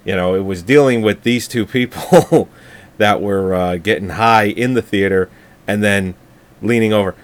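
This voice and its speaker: This podcast co-host speaks at a fairly low pitch and takes his time. He's in a casual movie review chat, laughing and cursing his way through long, meandering stories.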